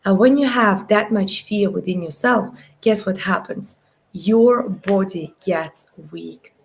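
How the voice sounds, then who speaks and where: A woman life coach telling client stories to a live stream audience, animated, with wide swings in pitch and frequent tag questions. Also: takes it slowly, gravelly. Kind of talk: live-streamed motivational talk.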